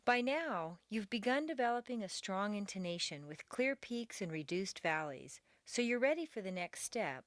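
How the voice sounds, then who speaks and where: A woman teaching a recorded pronunciation lesson, reading example sentences slowly and deliberately with exaggerated intonation for learners to repeat. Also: medium pitch, expressive, no echo. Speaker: accent training instructor.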